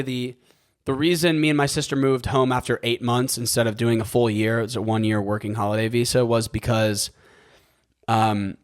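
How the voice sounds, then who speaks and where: A young man with an American accent speaks at a mid-range pitch. He hosts a solo podcast in an unscripted monologue. He rambles, stacks up fillers, and swears casually. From United States. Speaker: podcast host.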